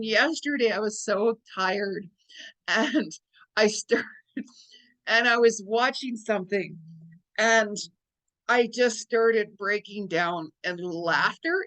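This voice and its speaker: Woman, psychic medium, casual vlog monologue, rambling, chatty, laughs a lot, mid pitch. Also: a bit bright, poor audio.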